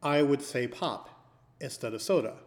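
A man's voice: medium pitch, moderate pace. A man from the northern US with a stutter, a podcast co-host who tells jokey stories in casual chat. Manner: joking, storytelling.

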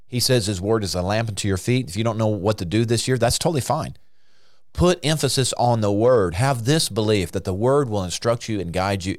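A lower-pitched man gives a relaxed, sermon-style podcast talk, speaking like a friendly preacher. He sounds encouraging and conversational, often dropping in "you know" and "hallelujah". The recording is dry and close, with no room sound. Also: dry recording.

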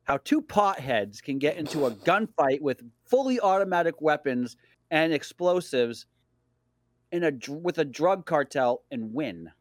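A man's voice: a little high, expressive, measured pace, no echo. A man in a casual film chat, joking and laughing as he makes comparisons. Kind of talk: casual movie review chat.

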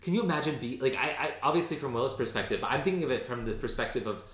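A man's voice: medium pitch, animated, very fast, a bit bright. A man hosting a podcast, chatting casually and rambling with lots of fillers. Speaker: podcast host recapping an episode. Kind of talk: casual chat. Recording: echoey room.

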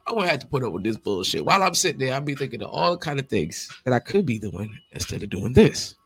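Fast-talking and slightly rough in a medium-pitched voice, this podcast host delivers a relaxed solo monologue. He wanders off on tangents, jokes around and laughs, keeping things lively.

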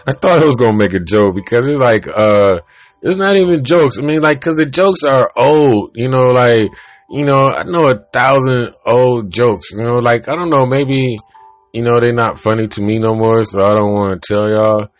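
A man's voice: medium pitch, normal speed, faint music behind. A man hosting a podcast, casually telling an old joke in a rambling, profane way that keeps interrupting itself. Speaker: podcast host.

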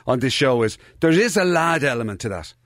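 A man's voice: medium pitch, expressive, brisk, fairly bright tone, dry recording, studio quality. A man co-hosting a podcast, rambling through stories in casual chat and swearing. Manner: rambling storyteller, repeats "to be honest with you", swears. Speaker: podcast co-host.

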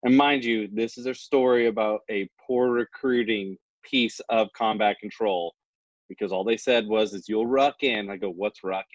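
A man's voice: on the low side, normal speed, no echo, highs cut off. Young man telling a story. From Missouri Ozarks. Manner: animated storyteller acting out quoted dialogue. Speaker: guest, special operations graduate. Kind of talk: casual storytelling interview.

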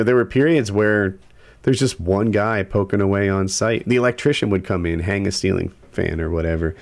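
A man's voice: fairly low pitch, gravelly, darkish tone. A man telling a long story in casual conversation, rambling and profane, with lots of restarts.

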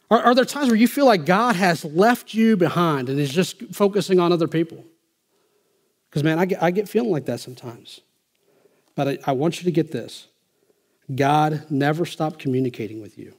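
Male pastor, sermon delivery, fairly high voice, dynamic from soft to forceful. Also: moderate pace. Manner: emphatic, swings from quiet to loud.

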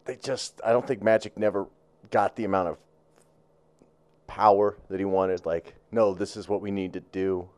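Low-ish guy rambling about sports, swears a lot, loads of um and like. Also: fairly even intonation, normal speed, a little mellow, smooth. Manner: rambling, profane, full of fillers and restarts. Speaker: sports show co-host. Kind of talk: casual sports chat.

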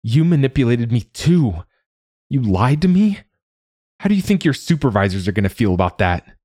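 A man voicing a very old widower who is grieving, curt and defensive, with a low voice. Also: lively intonation, normal speed, mellow. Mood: angry. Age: over 60.

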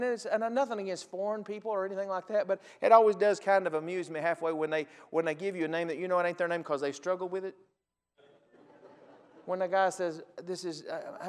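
A man, a pastor telling folksy stories in a sermon and acting out phone calls, building to loud preaching. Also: high-pitched, in a large hall. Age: 40s.

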